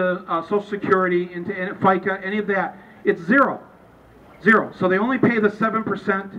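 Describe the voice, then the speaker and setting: High-voiced man talking loosely to a crowd. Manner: rambling and conversational, with many restarts. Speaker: author speaking at a book-tour event. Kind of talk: informal talk to a live audience. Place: store during a book event. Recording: distant, muffled recording with faint ambience.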